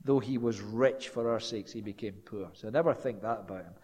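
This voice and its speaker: A man preaching a sermon, telling the story with animation and dropping low and quiet when quoting. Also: brisk, husky, long reverb tail.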